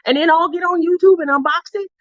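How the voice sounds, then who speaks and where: An exasperated older mother, as her daughter puts her on, shooting her voice up high into shrill, disbelieving questions. The sound is dull and lo-fi, and it is dry and close. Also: fast talker, a bit bright, no room sound. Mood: incredulous.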